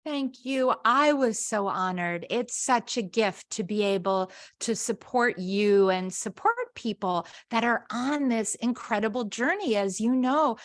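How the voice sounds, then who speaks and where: A woman hosting a podcast who gently affirms her guest and invites her to go deeper. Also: measured pace, few pauses, dry recording. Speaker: podcast host. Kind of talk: supportive interview.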